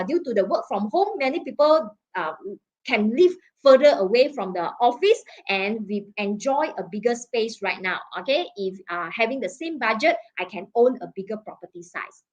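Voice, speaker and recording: A woman's voice: a little high, expressive, normal speed. Malaysian woman presenting, dull lo-fi audio. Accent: Malaysian English. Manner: frequent "okay?" and "right?" checks, many fillers. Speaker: property market presenter. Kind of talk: webinar presentation.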